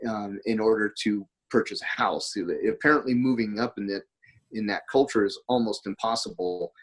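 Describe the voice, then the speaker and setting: A man's voice: medium pitch, slightly rough, rough recording. A man, a podcast guest, talking in a rambling, anecdotal way during a casual conversation. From United States.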